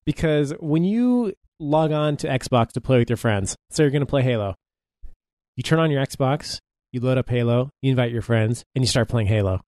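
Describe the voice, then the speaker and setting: A man's voice: medium pitch, lively intonation, normal speed, a little mellow, dry recording. A man co-hosting a casual gaming podcast, wry and long-winded, with lots of fillers as he explains things. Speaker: podcast co-host.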